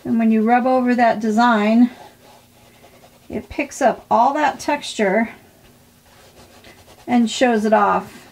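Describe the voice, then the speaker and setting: A woman with a slightly high voice talks through a craft demonstration. She chats casually and encourages the viewer, admiring her own pages as she goes. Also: fairly even intonation, takes it slowly, vocal fry, pauses often, a little mellow. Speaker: art tutorial host.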